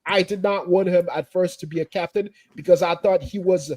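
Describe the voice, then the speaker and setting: A man co-hosting a football fan debate, animated and repeating himself as he talks. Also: high voice, brisk. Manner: animated, laughs while talking, repeats himself. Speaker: football podcast co-host.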